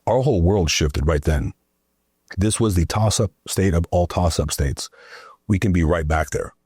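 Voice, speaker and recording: Male political guest, low and husky, emphatic storyteller. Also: normal speed, darkish tone, no room sound, clean studio sound. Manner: emphatic storyteller, keeps adding "right?". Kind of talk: political conversation.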